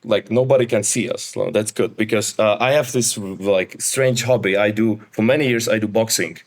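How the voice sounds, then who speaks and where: A man's voice: lowish voice, normal speed. A man speaking as a guest on a podcast interview, talking casually and often restarting or repeating his words as he thinks. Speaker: podcast guest, marketplace specialist.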